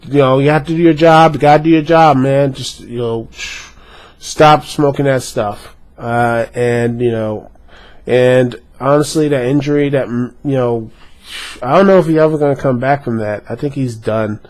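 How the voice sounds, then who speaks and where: A man's voice: mid-range voice, fairly even intonation, moderate pace, a little mellow, rough recording. A man giving a casual, rambling opinion rant as a vlogger, with many fillers and restarts. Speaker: wrestling commentary vlogger.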